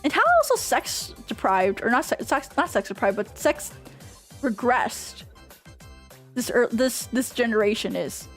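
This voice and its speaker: Woman, high voice, ranty, swears a lot, casual stream chat, faint music underneath. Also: lively intonation, unhurried. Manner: ranty and passionate, swears freely. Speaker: VTuber streamer.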